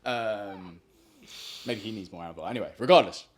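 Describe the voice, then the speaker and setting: A man's voice: on the low side, brisk. A young man telling a story on a podcast, slangy and full of swearing. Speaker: podcast host. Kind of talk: casual storytelling.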